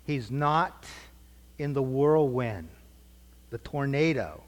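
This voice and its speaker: A man's voice: medium pitch, slow pace, long pauses. A middle-aged man teaching a church group conversationally, asking questions and repeating their answers. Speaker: preacher teaching a class. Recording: long hall reverb.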